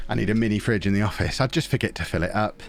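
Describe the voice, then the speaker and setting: A man's voice: lowish voice, racing, gravelly, soft background music. A young man chatting casually to his viewers while streaming a game from a small home office, talking close into a desk mic in a rambling way. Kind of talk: casual live-stream chat while gaming. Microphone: desk mic close to the mouth.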